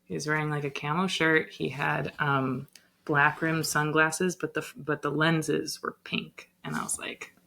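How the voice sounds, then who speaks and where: A young woman, a yoga teacher, telling a personal story in a casual podcast chat, animated and full of "like" and "um". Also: deep voice, a little slow, creaky, a little hiss or hum. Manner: animated, lots of "like" and "um".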